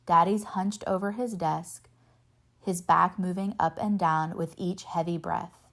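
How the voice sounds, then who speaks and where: A woman reading a novel aloud in steady first-person narration, lightly voicing the dialogue. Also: fairly low pitch, a little slow. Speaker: reader.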